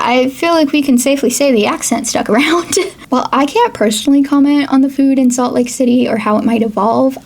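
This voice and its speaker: A woman's voice: sits high, a little mellow. A woman hosting an educational video, chatty as she reads quotes and comments. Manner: chatty, reads quotes aloud, laughs now and then. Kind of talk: casual educational vlog narration.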